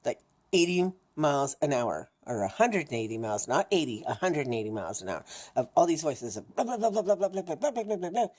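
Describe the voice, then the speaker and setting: A middle-aged woman chatting casually to camera in her vlog, frank and animated, laughing often and swearing now and then. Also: low-pitched. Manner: animated, laughing, mimics racing thoughts with fast chatter. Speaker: vlogger sharing her cancer journey.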